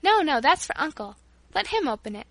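A woman's voice: high-pitched, big pitch swings, a little fast, no echo, pitched above the performer's own voice. A woman reading the lines of a shy, generous young niece who speaks timidly and appealingly, in a storybook reading.

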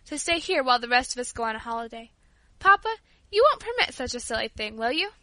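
A woman's voice: on the high side, sing-song, quick pace, sharp tone, no echo, full character voice. A woman voicing an impatient, easily exasperated boy in a storybook reading. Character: impatient boy, older brother.

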